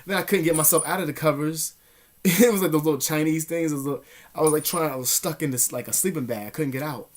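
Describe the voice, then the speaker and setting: A man's voice: a little high, fast talker. Young man telling a wild story. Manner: profane, slangy, animated, drops to whispers. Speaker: vlogger. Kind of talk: casual storytelling.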